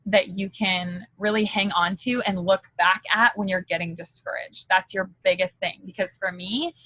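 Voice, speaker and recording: A woman's voice: medium pitch, steady tone, moderate pace, pushed and bright, dry recording, low-quality recording. A woman giving a candid motivational talk as a direct-sales team leader, chatty and full of fillers.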